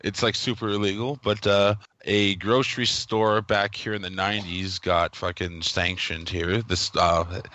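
Crude, bright-voiced Canadian man. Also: low voice, flat delivery, a little slow, few pauses. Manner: crude, swears a lot. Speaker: podcast co-host. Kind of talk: casual chat. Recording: dull lo-fi sound.

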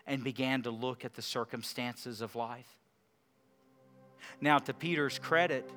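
A man preaching a sermon, swinging from loud emphasis to hushed quiet lines and asking the congregation questions. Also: mid-range voice.

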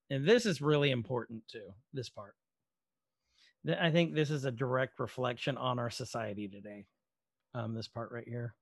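On a clean, dry studio recording, a podcast co-host with a gravelly, mid-range voice speaks at normal speed. He casually recaps a show episode, retelling scenes with quoted dialogue and some swearing.

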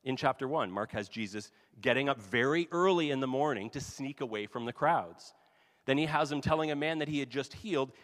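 Male pastor giving a relaxed, chatty sermon; average pitch, church hall echo. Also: brisk. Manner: conversational, casual asides. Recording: long hall reverb.

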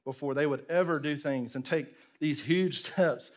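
Animated preacher man. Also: on the high side, normal speed. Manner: animated storytelling, acts out voices, drops to near whisper. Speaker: pastor. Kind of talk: sermon.

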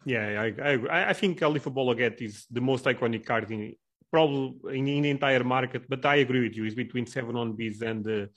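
Man, podcast host, hesitant, restarts often, mid-range pitch. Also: fast, a bit bright, dull audio. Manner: hesitant, many restarts and fillers. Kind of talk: casual podcast interview.

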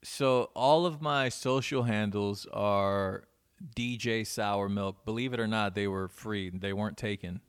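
A man's voice: lowish voice, unhurried, clear, resonant tone. A man in his thirties, a guest DJ in casual chat, talking loosely with lots of swearing and restarts. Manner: loose and profane, many restarts.

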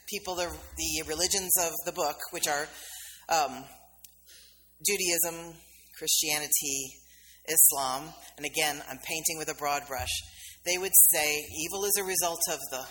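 A woman's voice: sits low, sharp tone. A woman minister giving a sermon in a conversational storytelling manner, acting out the voices of the people in her story. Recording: reverberant hall, faint background noise.

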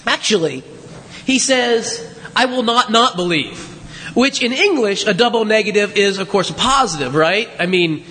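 In a church sanctuary with the long reverb of a big hall, a pastor delivers a conversational sermon full of rhetorical questions and asides to his congregation. His voice is high, expressive, pushed and bright, at normal speed.

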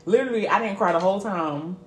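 Animated young woman telling stories in an echoey room. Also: mid-range voice, fast. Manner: animated, profane, laughing storytelling. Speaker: podcast co-host. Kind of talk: casual storytelling chat. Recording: echoey room with faint ambient noise.

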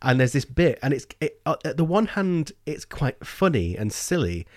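A man's voice: fairly high pitch, big pitch swings, normal speed, no echo, studio quality. A man co-hosting a casual book discussion, who talks with enthusiasm and often restarts his sentences. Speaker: podcast co-host.

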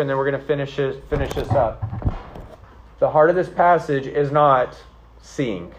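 A man's voice: fairly high pitch, muffled recording. A man preaching an earnest, conversational sermon, often checking in with the congregation. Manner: earnest, conversational preaching with frequent "okay?" and "right?". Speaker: pastor.

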